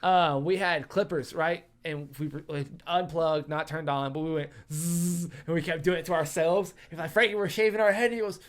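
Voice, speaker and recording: A man's voice: a little high, steady tone, moderate pace, few pauses. A young man hosting a casual podcast, telling profane, laughing stories and acting out his friends' voices. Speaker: podcast host.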